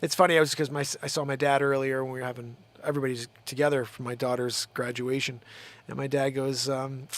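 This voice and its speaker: A man's voice: medium pitch, little pitch movement, fast talker. Heated, profane man ranting. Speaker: show host. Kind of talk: live-stream rant.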